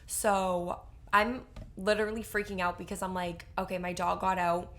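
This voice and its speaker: In casual podcast chat, a young woman co-host tells stories animatedly, sprinkling in plenty of "like." Her pitch is fairly low and her pace moderate.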